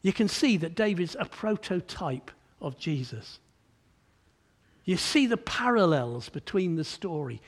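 Talking a little slowly, a man preaches with animation, swinging from emphatic peaks down to quiet, low passages. Sentence openings often feature repeated words.

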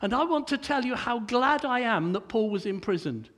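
Old guy preaching, really high-pitched voice, keeps stumbling over his words. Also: expressive, normal speed, a bit bright. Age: older. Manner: stammering restarts, conversational. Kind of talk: sermon.

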